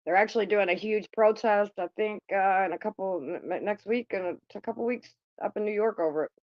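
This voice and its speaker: A woman's voice: medium pitch, a little fast, no echo, highs cut off. A woman hosting a casual livestream, chatting bluntly and with plenty of profanity to her viewers. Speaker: livestream host.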